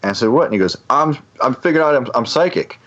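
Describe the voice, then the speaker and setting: A man's voice: medium pitch, lively intonation, fast talker, dull audio, noisy background. A man telling a long story on a podcast, rambling with many restarts and fillers. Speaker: podcast guest. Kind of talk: casual storytelling.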